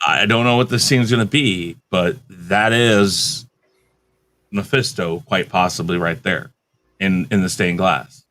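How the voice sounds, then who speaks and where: A man's voice: deep voice, fairly even intonation, measured pace, a bit bright. A man on a review panel, casually chatting, explaining plot points patiently and correcting others firmly. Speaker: podcast panelist. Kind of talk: casual chat.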